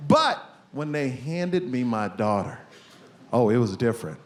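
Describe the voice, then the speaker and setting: A man performing an animated stand-up comedy routine on a live stage, bursting out loudly on punchlines. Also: medium pitch, measured pace. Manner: animated storytelling, loud outbursts for punchlines. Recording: live stage recording with audience noise.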